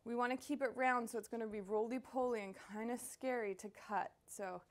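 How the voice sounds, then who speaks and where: A woman's voice: fairly high pitch, fairly even intonation, brisk. A young woman hosting a casual cooking demonstration, bubbly and playful as she chops and explains. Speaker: cooking show host.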